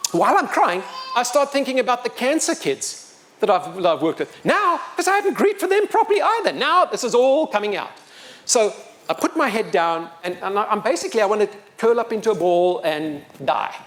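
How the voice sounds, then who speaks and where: A man's voice: high-pitched, slight background noise. A middle-aged man, telling a personal story to a live audience and acting out the dialogue with emotion. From South Africa. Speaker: children's author and speaker.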